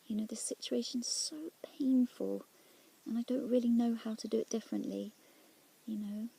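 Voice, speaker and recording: A woman telling of a prayer experience in a reflective, halting way, often dropping into near-whispers. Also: fairly high pitch, steady tone, gravelly, slightly rough. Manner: soft-spoken, drops often into near-whispers; halting and searching, with restarts. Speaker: Christian speaker sharing a prayer experience. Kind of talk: reflective personal testimony.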